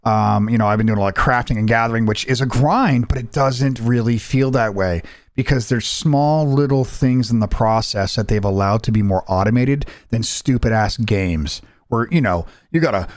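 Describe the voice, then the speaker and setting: A young adult man hosting a podcast tells a story in a casual chat, acting out quotes animatedly and swearing freely. His voice is mid-range at a moderate pace, with studio-quality sound and no room noise.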